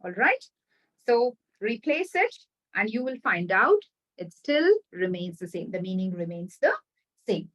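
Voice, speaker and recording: A woman teaching business English in an online lesson, repeating example sentences slowly and checking that viewers follow. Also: medium pitch, very animated, fairly bright tone, recorded from a distance, rough recording. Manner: addresses viewers directly, checks understanding.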